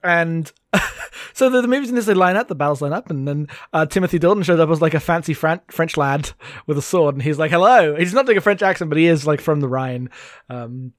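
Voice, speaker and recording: A man's voice: fairly high pitch, fairly quick, no echo, studio quality. A man co-hosting a podcast in casual chat, rambling and laughing often while recounting films over a remote call. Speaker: podcast co-host. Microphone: remote call mic.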